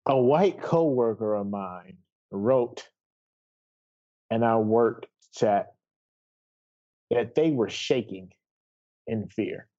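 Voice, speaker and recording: A man in his thirties tells a story in amused, casual podcast talk. He speaks slowly, and the sound is dull and somewhat lo-fi. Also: medium pitch, mellow. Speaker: podcast co-host.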